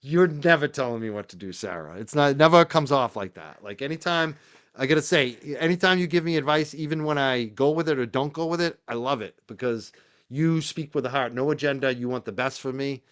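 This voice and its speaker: A man's voice: mid-range voice, a little fast, fairly bright tone, clear, resonant tone. A man hosting his own livestream show, talking casually and emotionally, moved and grateful, then indignant. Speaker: podcast host.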